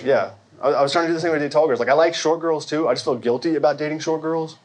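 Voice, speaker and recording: This fortysomething comedian races through his set in a big hall, his fairly high voice carrying a little hiss or hum. He stays lively and wry, speaking directly to the audience.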